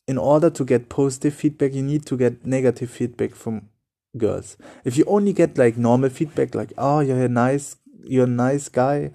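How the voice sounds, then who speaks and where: A young, non-native English speaker talks by himself on his motivational podcast, sincere and repetitive, with phrasing that's a bit loose. His voice is mid-range and warm.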